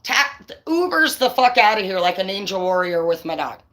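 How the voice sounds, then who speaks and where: A woman in the middle range of pitch tells a personal story straight to camera. She rambles, circles back and swears constantly, calling the listener "dude" and "bro". The delivery is heated and conversational. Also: big pitch swings, moderate pace, fairly bright tone. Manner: rambling, with frequent restarts and fillers. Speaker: vlogger telling a personal story. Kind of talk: casual storytelling monologue.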